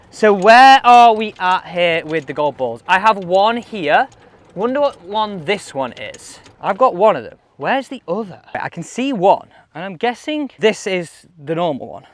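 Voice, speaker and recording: High-voiced man coaching golf. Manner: animated, talks to himself between shots. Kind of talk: casual range-testing vlog commentary.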